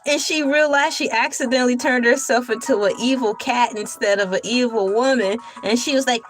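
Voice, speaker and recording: A woman's voice: fairly high pitch, brisk, faint music behind. A young adult woman hosting a casual livestream, chatty and laughing often as she talks to her chat. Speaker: livestream host.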